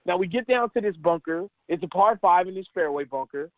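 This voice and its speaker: A middle-aged man, a caddie and stand-up comedian, telling animated, laughing stories as a radio interview guest. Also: high voice, fairly quick, dry recording. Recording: tinny phone line, dry.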